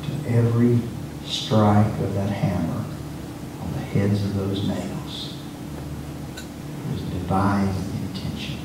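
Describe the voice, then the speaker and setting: Preacher's voice echoing from afar. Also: male voice, lowish voice, fairly even intonation, slow pace, long pauses, very noisy. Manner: emphatic, repeats words when speeding up. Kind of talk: sermon. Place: church sanctuary. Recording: echoey church from far off.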